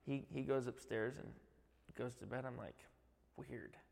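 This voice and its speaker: A man's voice: mid-range voice, fairly even intonation, normal speed, gravelly, a little mellow, in a large hall. A man, a youth director, giving a heartfelt church testimony, rambling with many fillers.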